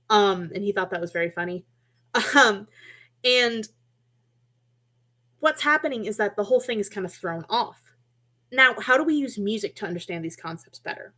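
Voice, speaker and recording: Woman, mid-pitched voice, webinar teacher, friendly and explanatory, casual asides, computer mic. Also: animated, normal speed, pauses often, bright, forceful tone. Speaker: webinar presenter teaching poetry through music. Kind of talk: online teaching presentation.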